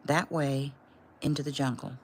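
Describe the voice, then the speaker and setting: A woman reading the lines of a calm, firm male rescuer in a low, steady voice. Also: normal speed. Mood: hushed.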